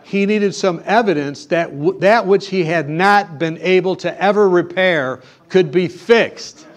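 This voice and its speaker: Animated male preacher telling a story. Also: sits high, a little slow, dull audio. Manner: animated storyteller, rising to emphatic exhortation. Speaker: pastor. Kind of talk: sermon with storytelling.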